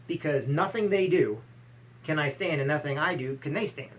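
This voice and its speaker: A man's voice: fairly high pitch, normal speed, poor audio. A man giving a blunt, emphatic motivational talk, firing rhetorical questions and acting out short scolding exchanges. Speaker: motivational speaker.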